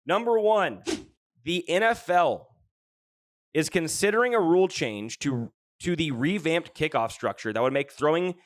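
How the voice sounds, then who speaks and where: A man hosting a casual sports podcast, telling stories in an animated, jokey way with plenty of swearing. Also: fairly high pitch, normal speed, no echo. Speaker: podcast host.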